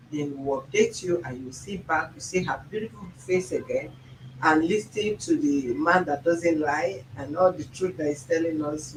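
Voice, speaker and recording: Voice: mid-range voice, reverberant, recorded from a distance, a little hiss or hum, poor audio. A show host with a Nigerian accent, chatting jokily and animatedly with viewers and slipping into pidgin. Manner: jokey, animated, mixing in pidgin. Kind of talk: casual chat to viewers.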